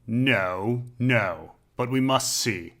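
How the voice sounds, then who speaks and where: A man voicing a stern, grim knight who speaks in a measured way. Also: medium pitch, fairly bright tone.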